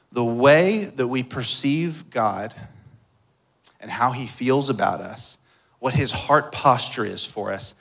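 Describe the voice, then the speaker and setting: Preaching from the pulpit, this man shares a personal story in a medium-pitched voice touched with vocal fry. His delivery rises from quiet and hushed to loud and forceful.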